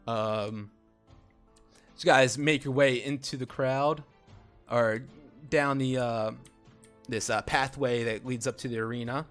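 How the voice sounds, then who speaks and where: A man's voice: medium pitch, steady tone, unhurried, pauses often, fairly bright tone, faint music behind. A man narrating a tabletop fantasy game as game master, with fillers in between.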